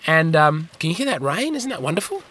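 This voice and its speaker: A man hosting a podcast, answering listener questions in a dry, rambling, deadpan comic monologue. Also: sits high, fast talker, a little hiss or hum. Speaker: podcast host.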